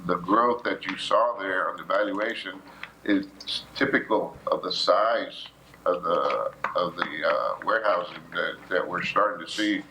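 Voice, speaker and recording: A man briefs a city council on economic indicators. His delivery is halting, full of fillers and restarts. His voice sits a little low with a bright, forceful edge, and there is faint room noise behind it. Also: low-quality recording. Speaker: city official presenting to council. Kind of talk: economic overview at a public meeting.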